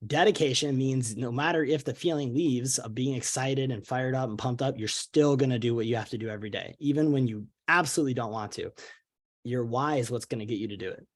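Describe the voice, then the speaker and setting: A young man leads a sales team call with upbeat, earnest energy. He talks in a casual, pushy way, often restarting his sentences and leaning on fillers like "you know". His voice sits at an ordinary middle pitch for a man. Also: a little fast. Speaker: network marketing leader. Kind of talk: motivational training call.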